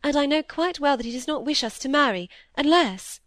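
A woman's voice: high-pitched, lively intonation, brisk, fairly bright tone, no echo, clean studio sound, pitched above the performer's own voice. A woman reading the part of an earnest young woman who speaks firmly and defends her father. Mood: indignant. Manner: earnest, firm. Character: earnest young woman, loyal and quick to indignation.

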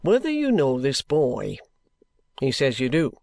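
A man reading an audiobook, voicing a stiff, calm, stubborn police constable who speaks firmly and measuredly. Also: medium pitch, gravelly, no echo, full character voice. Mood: insistent. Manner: firm, measured, repeating himself. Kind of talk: audiobook character voice.

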